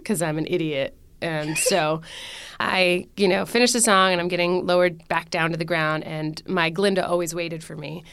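A woman's voice: fairly low pitch, fairly even intonation, normal speed, fairly bright tone, clean tone. A young woman, a stage actress, telling a story in a casual interview, acting out her own panic in quoted lines.

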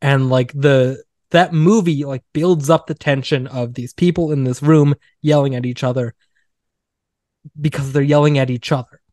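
A man's voice: medium pitch, fairly even intonation, moderate pace, darkish tone, no echo, clean studio sound. A man hosting a casual film podcast, chatty and wry, full of "like"s and mocking quoted line readings. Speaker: podcast host.

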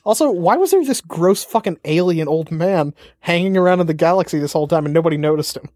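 Fast, dry-sounding swearing podcaster. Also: medium pitch, expressive, darkish tone, no echo. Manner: rambling, profane, joking. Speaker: podcast co-host; parent. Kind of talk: casual chat.

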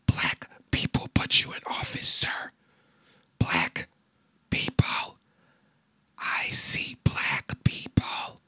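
A man putting on a hushed elderly male politician in whispered role-play, breathing the words out in halting bursts. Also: no echo. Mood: pleading.

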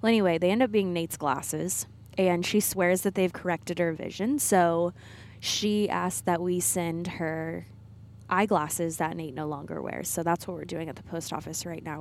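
A woman's voice: fairly low pitch, fairly even intonation, unhurried. A woman podcast co-host chatting casually on her own from a parked car, rambling and laughing at herself. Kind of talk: casual solo chat.

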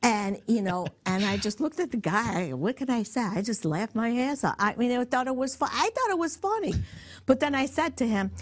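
Woman guest, slightly high voice, lively and salty storyteller who plays every part. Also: normal speed. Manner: animated, swears freely, acts out voices. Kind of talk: casual storytelling.

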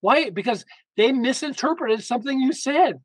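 High-voiced emphatic male guest. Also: moderate pace, no echo, low-quality recording. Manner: emphatic, lively storyteller with frequent restarts. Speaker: guest author. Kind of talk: casual interview talk.

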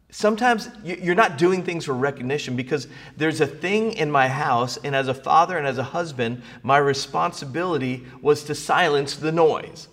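A middle-aged man preaching a sermon as pastor, moving from quiet storytelling to rising, emphatic preaching. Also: medium pitch. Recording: long reverb of a large hall.

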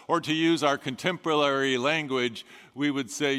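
A man preaching a sermon as a pastor, telling the story in a measured way with dramatic pauses. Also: medium pitch, steady tone, bright, forceful tone, smooth. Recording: long reverb of a large hall.

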